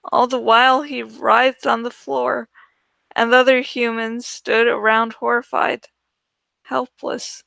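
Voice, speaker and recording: A woman reading a novel aloud in first-person audiobook narration, slow and deliberate. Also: fairly high pitch, flat delivery, creaky, pushed and bright, dry recording. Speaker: audiobook reader.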